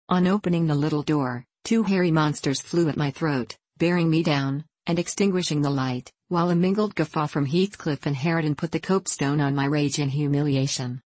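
Woman audiobook narrator, low voice, dry close read. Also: brisk, few pauses, a little mellow, no echo. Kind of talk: scripted narration.

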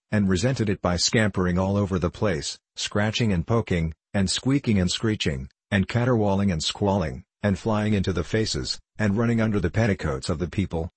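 Low-voiced man narrating a comic tale, theatrical delivery, husky tone, dry close sound. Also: dry recording. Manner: theatrical, lively comic reading. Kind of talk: scripted storybook narration.

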